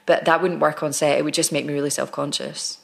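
A woman's voice: deep voice, level tone, fast talker, gravelly. A woman actress, a podcast guest, telling candid stories in casual conversation with frequent restarts.

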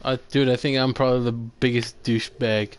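A young man giving loud, excitable commentary while playing a video game, swearing and trash-talking his teammates. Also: medium pitch, brisk, clean tone. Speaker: gamer streaming gameplay. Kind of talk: casual gameplay commentary.

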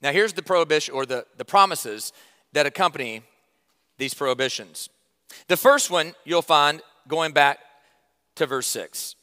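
A man preaching a sermon to his church, conversational and emphatic, with sudden loud stresses and quiet drops. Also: fairly high pitch, normal speed, long reverb tail. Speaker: pastor.

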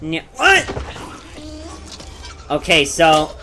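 A young man hosting a gameplay stream, gushing and exclaiming excitedly as he plays. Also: a little high, very slow. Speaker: gaming streamer host. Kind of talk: live gameplay commentary. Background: game music and gunfire.

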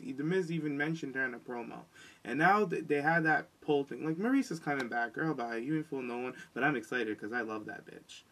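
A man co-hosting a podcast, chatting in a sassy, animated way and mocking people with quoted lines. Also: mid-range voice, brisk, low-quality recording. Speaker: podcast co-host. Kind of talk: casual chat.

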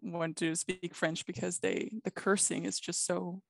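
A woman guesting on a podcast, chatting casually in a matter-of-fact, slightly halting way. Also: lowish voice, flat delivery, creaky.

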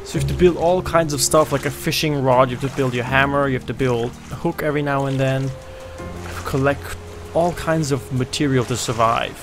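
An excitable man talks through a survival game, cracking jokes and shouting at the screen when things go wrong. His voice sits at an ordinary mid pitch, and faint game music plays underneath. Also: a little fast. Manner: excitable, jokey, yells at the game. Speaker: gaming video host. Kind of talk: let's play commentary.

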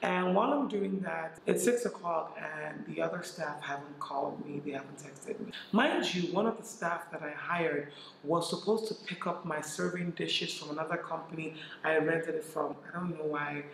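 Young Nigerian-born male vlogger, candid and animated, slightly high gravelly voice, recorded in an echoey room. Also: normal speed, slight background noise. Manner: candid, animated retelling with reported speech. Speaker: vlogger and former caterer. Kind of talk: casual storytelling to camera.

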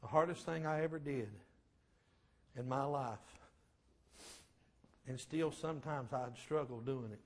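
A middle-aged man preaching a testimony sermon, fervent and swinging from shouts to a low hush. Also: unhurried, pauses often.

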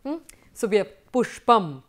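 A woman's voice: mid-range voice, very animated, unhurried. A woman teaching a university lecture, drilling word forms and praising answers as she goes. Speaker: Sanskrit teacher.

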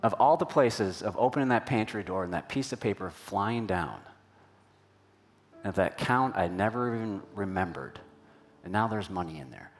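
A man's voice: on the low side, expressive, normal speed, soft background music. A man preaching a sermon in a church, telling a personal story and asking the congregation questions in a conversational way. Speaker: pastor.

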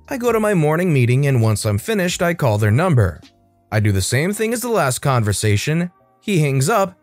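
A man narrating a first-person revenge story with an animated, up-and-down delivery. His voice sits a little high and sounds dry and close-miked, with faint music underneath. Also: no echo.

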